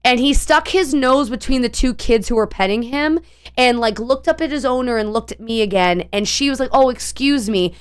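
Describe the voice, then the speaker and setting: A woman's voice: fairly high pitch, normal speed, smooth. A young woman streamer telling a long story in a casual, rambling way, full of fillers and restarts.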